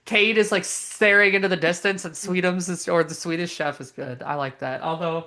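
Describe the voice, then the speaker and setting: Young female co-host, lower range, casual giggly banter with many restarts. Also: steady tone, brisk, pushed and bright. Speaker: podcast co-host. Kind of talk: casual chat.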